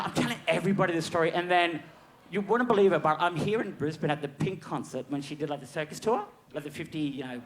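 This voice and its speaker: A man in his forties, a panel guest on a live comedy quiz show, telling an animated, sweary story with shrieking quoted voices. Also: on the high side, a little hiss or hum. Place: live music venue stage.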